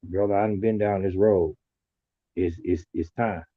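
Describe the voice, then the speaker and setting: A man talking casually and reflectively, telling stories in a relaxed colloquial way. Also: deep voice, a little slow, no room sound. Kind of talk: casual conversation. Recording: tinny phone-like line.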